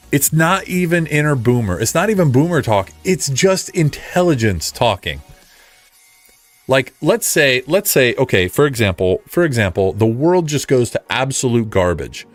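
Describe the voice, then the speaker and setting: A man hosting a casual livestream, ranting in an animated way, repeating himself and making sarcastic asides. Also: mid-range voice. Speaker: livestream host. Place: home streaming setup.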